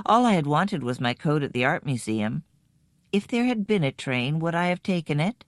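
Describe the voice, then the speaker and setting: Low-voiced woman narrating an audiobook. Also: dry recording. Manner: measured, even storytelling.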